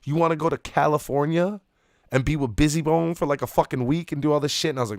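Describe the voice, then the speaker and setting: A man's voice: fairly high pitch, lively intonation, quick pace, dry recording, studio quality. A man in his thirties, co-host of a podcast, telling a rambling, profane story with lots of restarts. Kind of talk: casual storytelling.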